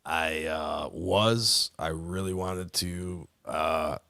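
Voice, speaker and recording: A man's voice: rumbling low, fairly even intonation, drawn-out words, vocal fry, pushed and bright, dry recording, studio quality. A man chatting casually as co-host, rambling, swearing and trailing off mid-thought. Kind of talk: casual chat.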